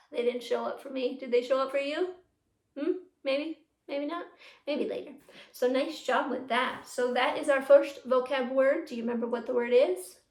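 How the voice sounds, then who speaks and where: A young woman teaching a youth theatre class from home, coaching the viewer through breathing warm-ups and practice lines. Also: sits high, moderate pace. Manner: encouraging, talks straight to the viewer, leads breathing drills. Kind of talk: virtual class to children at home. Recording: echoey room.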